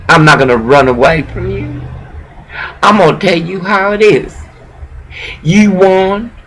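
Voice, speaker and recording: A high, gravelly-voiced man preaching in a slow, rambling rant. He swears freely as he lectures a listener. A faint hum sits behind him. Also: a bit bright, low-quality recording. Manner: rambling, profane, lecturing someone directly. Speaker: pastor.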